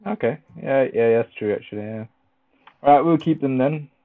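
The clip captures casual gaming chat from a Minecraft let's player joking with friends mid-game. He teases, laughs often, and speaks at normal speed in a medium pitch. There's no echo, and the recording has the dry, phone-like quality of voice chat.

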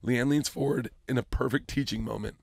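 A man in his forties, a comedian guest on a podcast, telling a story with acted-out dialogue, loud bursts of laughter and plenty of swearing. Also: medium pitch, steady tone, a little fast, gravelly, no room sound, clean studio sound. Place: podcast studio.

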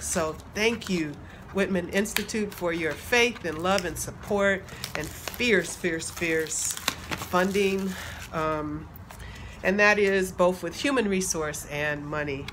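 Woman, excited casual vlog, unhurried speech, noisy background. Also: medium pitch. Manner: excited, laughing, addresses viewers as y'all. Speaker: playwright unboxing a project deck. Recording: background noise.

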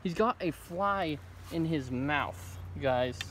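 A man vlogging while fishing a river, talking excitedly to viewers and the fish on an action camera. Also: a little high, slow. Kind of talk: excited outdoor fishing commentary. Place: outdoors by a river. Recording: noisy outdoor camera audio. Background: river water and wind.

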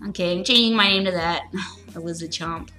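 A woman's voice: on the low side, brisk, bright, forceful tone, soft background music. A woman streaming a game, reading its text aloud with giggly, crude offhand jokes. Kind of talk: casual let's play commentary, reading game text aloud.

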